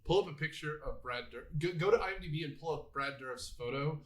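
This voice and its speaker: A man hosts a laid-back horror movie podcast. His voice sits a little high, and he talks in an animated, joking way with frequent laughs. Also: quick pace. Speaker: podcast host. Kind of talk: casual movie review chat.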